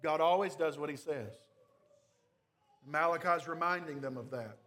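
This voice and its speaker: A man with a notably high-pitched voice preaches an expository sermon. He leans hard on key phrases and drops dry asides to the congregation. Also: normal speed, fairly bright tone. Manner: emphatic, builds intensity on key phrases, wry asides. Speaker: pastor.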